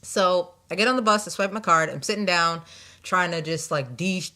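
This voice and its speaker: A young woman vlogger telling a casual, animated story about her day, quoting people and sounding exasperated. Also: lowish voice, moderate pace.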